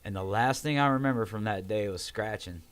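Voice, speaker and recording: Young man, low-pitched, casual storyteller who acts out every voice. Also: a little fast. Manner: animated, acts out quoted voices, swears. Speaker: podcast guest telling a story.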